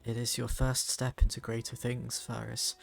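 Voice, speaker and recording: Man doing a slow solemn mystic, gravelly low voice, very measured. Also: completely flat delivery, faint music behind.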